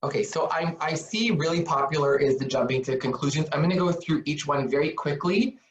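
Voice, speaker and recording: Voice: mid-range voice, brisk. Webinar counselor, earnest and encouraging, heard through a dull, roomy laptop mic on a video call. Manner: earnest, encouraging, rhetorical questions. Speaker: webinar presenter on mental health. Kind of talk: live webinar talk. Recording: echoey, distant, dull laptop audio.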